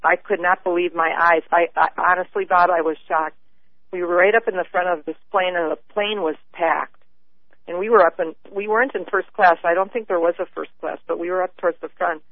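A woman calling in to a radio show, telling her story earnestly in halting bursts with many restarts. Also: lowish voice, steady tone, no echo. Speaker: caller. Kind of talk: call-in radio chat. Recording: tinny phone line.

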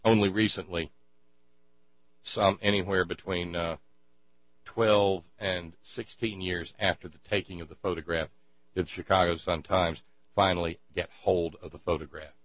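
A man giving an indignant, sarcastic monologue, halting often with fillers as he builds his points. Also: sits low, steady tone, no room sound. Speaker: commentator. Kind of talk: ranting monologue. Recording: dry, dull lo-fi with mains hum.

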